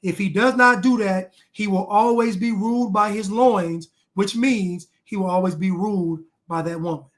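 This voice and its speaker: A man's voice: high-pitched, moderate pace, hardly any pauses. A man reacting to clips with blunt, emphatic commentary, repeating lines for emphasis.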